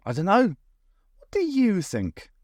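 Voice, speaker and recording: A man voicing a brisk, eccentric male time traveller who is confident and theatrical, talking quickly and playfully and at times hushed and grave, in a raised voice. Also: high-pitched, huge pitch swings, dry recording, studio quality, voice pushed up, heavily acted.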